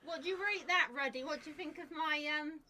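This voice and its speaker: Bright high-voiced southern English woman. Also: fast, poor audio. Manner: giggly, self-deprecating. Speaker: co-host. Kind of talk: casual stream chat.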